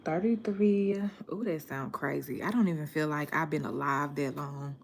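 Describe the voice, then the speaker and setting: A woman, chatting casually to her viewers and telling stories in a relaxed, slangy way. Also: low voice, normal speed, gravelly, a little hiss or hum. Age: 30s. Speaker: vlogger.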